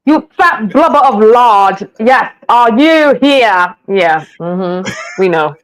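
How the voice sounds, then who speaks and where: A woman's voice: on the high side, expressive, slow, pitched below the performer's own voice, poor audio. Woman putting on a stuffy old British butler. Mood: haughty. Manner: exaggerated posh British accent, drawn out.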